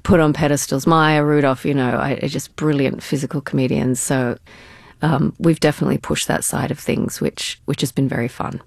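A middle-aged actress talking in a casual interview, enthusiastic and quick to laugh, often restarting her sentences. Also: low-pitched, level tone, vocal fry, no room sound, clean studio sound.

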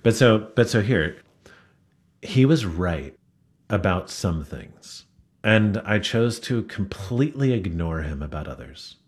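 A man's voice: low-pitched, lively intonation, slow pace. A man guesting on a radio interview, telling reflective stories about running a restaurant. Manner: reflective, storytelling. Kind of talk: interview conversation.

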